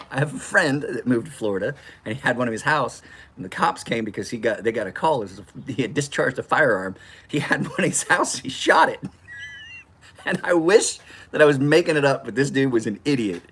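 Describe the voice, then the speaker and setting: A man's voice: medium pitch, lively intonation, fairly quick, a bit bright, slight background noise. A man hosting a knife channel from his garage, chatting loosely with viewers and laughing through profane stories. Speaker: knife sharpening channel host. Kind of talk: rambling live chat with viewers. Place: home garage.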